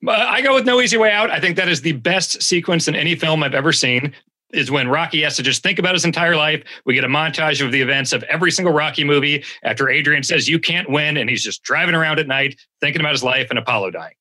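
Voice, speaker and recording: A man's voice: fairly high pitch, quick pace, bright, forceful tone. A man who is a guest on a podcast, talking with enthusiasm and often laughing at himself. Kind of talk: casual podcast banter.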